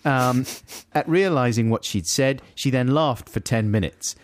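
A man's voice: mid-range voice, normal speed, no echo. A man co-hosting a casual chat show, reading listener emails aloud and laughing often. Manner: animated, laughing, puts on voices for quoted lines. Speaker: podcast co-host.

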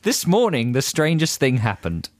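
Radio guy reading silly jokes, wry and laughy, lively up-down voice, dry sound. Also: mid-range voice, normal speed, dry recording. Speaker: radio co-host. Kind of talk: casual radio banter, reading out listener jokes. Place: radio studio.

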